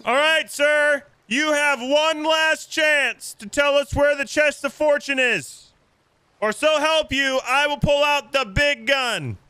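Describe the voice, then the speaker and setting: A man's voice: extremely high pitch, slow, bright, forceful tone, no room sound. A man hosting a playful pirate role-play, making theatrical mock threats. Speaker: host.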